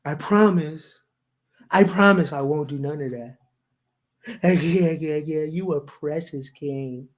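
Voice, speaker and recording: A doting man , put on by a man, coos soft, soothing promises as if to a baby. The voice sits a little lower than plain talk and stays gentle and hushed throughout. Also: slow. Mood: cooing. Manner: cooing, soothing. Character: doting man cooing over someone like a baby.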